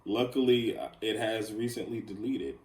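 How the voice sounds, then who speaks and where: A man's voice: on the low side, fairly even intonation, normal speed, darkish tone. A man talks through a solo podcast in a loose, rambling, confessional way, leaning on fillers. He sounds like he is in an echoey room. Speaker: podcast host. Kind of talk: casual solo podcast monologue.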